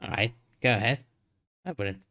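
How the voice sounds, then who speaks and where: A man playing a tabletop game, brisk and practical. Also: fairly low pitch, expressive, bright, forceful tone. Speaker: player. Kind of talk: casual tabletop play.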